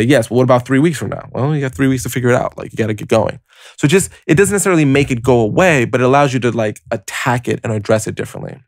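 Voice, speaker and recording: A man's voice: mid-range voice, creaky, no echo, clean studio sound. Chatty man hosting a self-help podcast. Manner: lively, conversational, heavy use of "like" and "you know"; explains step by step, addressing listener directly. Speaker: podcast host. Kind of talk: casual motivational podcast talk.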